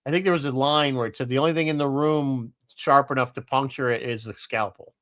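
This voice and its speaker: A man's voice: mid-range voice, steady tone, a little fast, a bit bright, no echo. A man co-hosting a casual podcast chat, talking loosely, laughing often and restarting his sentences. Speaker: podcast co-host.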